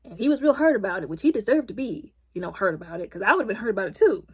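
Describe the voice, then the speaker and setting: A woman giving a casual, comedic movie review. She retells the plot in an animated, colloquial way and repeats words as she restarts. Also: mid-range voice, very fast, slightly rough.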